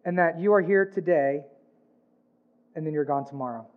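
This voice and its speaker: A high-voiced man preaching a sermon with earnest feeling. He lifts his voice on his questions and sinks quiet on somber lines. The sound is a little dull and lo-fi. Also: moderate pace. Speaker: pastor.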